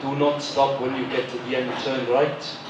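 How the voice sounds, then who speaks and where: Comedian doing gruff deep local guy barking directions, clipped and blunt, echoey club mic from far off. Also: little pitch movement, normal speed, background noise, lightly acted.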